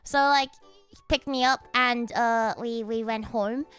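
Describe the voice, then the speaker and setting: A woman livestreamer telling stories to her chat in a casual, animated way, swearing freely. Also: a little high, unhurried, smooth, faint music behind.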